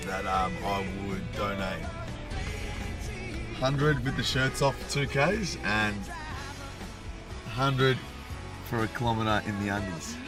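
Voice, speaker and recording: A man's voice: fairly low pitch, slow, long pauses, music in the background. A man bantering casually and playfully with friends.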